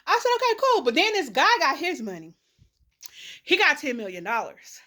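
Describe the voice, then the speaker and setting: A middle-aged woman vlogging in a casual, emotional monologue, blunt and animated, swearing freely and talking straight to her viewers. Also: high voice, normal speed.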